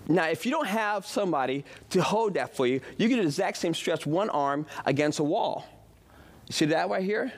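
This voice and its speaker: A man with a fairly high speaking voice coaches a stretching routine. He talks upbeat and hands-on, repeating short cues to the person he is helping. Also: expressive, moderate pace. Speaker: fitness instructor. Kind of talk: live stretching demonstration.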